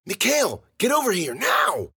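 A man's voice: medium pitch, sing-song, brisk, a bit bright, breathy edge, pitched above the performer's own voice. A man voicing a protective woman fighter who speaks urgently and scolds in a raised voice.

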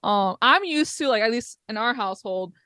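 A young woman chats as a podcast guest, her voice pitched a little high and recorded dry and close. She tells home stories with a laugh and frequent swearing. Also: animated, moderate pace, sharp tone, clean tone, no echo. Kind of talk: casual chat.

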